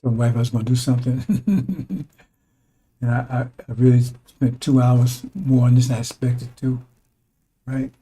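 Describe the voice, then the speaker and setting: Mellow-voiced man preaching informally. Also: medium pitch, fairly even intonation, normal speed, breathy edge. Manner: conversational, rhetorical asides like "right?" and "see?"; repetitive, emphatic drilling of points. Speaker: religious commentator.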